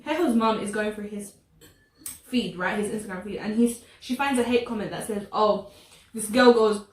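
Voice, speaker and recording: A woman chatting casually about a drama, animated and laughing as she acts out quotes. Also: medium pitch, normal speed. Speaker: co-host. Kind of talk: casual chat reviewing a drama. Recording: echoey room, a bit far from the mic.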